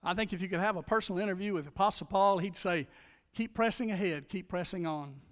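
A man with a high voice preaches a sermon from the pulpit. He surges into loud, driving calls and then sinks to hushed, earnest appeals. His voice rings with the long reverb of a large church hall. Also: fast talker. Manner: dynamic preaching, swings from shouts to hushed appeals. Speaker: pastor.

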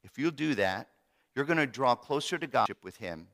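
A pastor in his fifties delivers a sermon with dramatic swings from loud emphasis to near-whispers. His voice is bright and cutting, and a long reverb from the church hall follows every line. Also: medium pitch, animated, normal speed, gravelly.

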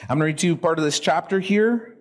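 A man's voice: on the high side, quick pace. A man speaking as a motivational seminar speaker to a live audience in a hall, blunt and profane, talking into a handheld microphone.

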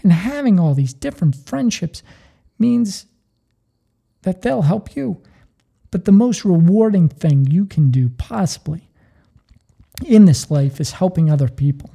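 Male podcast host, earnest motivational talk, dark gravelly voice. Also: high-pitched, unhurried, long pauses. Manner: earnest, energetic storytelling.

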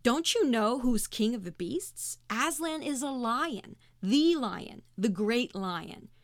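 A woman's voice: a little high, expressive, takes it slowly, dry recording, studio quality. A woman voicing a stern male beaver in a storybook read-aloud, speaking with firm emphasis.

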